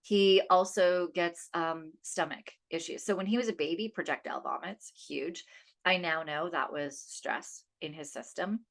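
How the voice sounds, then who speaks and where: Woman, 30s, podcast host, slightly low pitch, casual storytelling, chatty, animated. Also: moderate pace, vocal fry. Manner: chatty, animated retelling with quoted dialogue.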